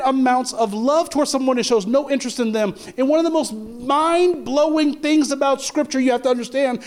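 Animated high-voiced male preacher. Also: fairly quick, hardly any pauses. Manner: animated storytelling, acts out quotes, rising to emphatic preaching. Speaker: pastor. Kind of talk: sermon with personal story. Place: church with congregation.

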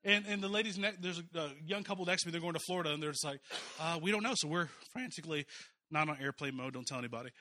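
High, bright-voiced joking pastor. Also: male voice, fairly even intonation, very fast. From Kansas City, US Midwest. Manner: chatty and joking, with frequent fillers and restarts. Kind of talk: casual storytelling sermon.

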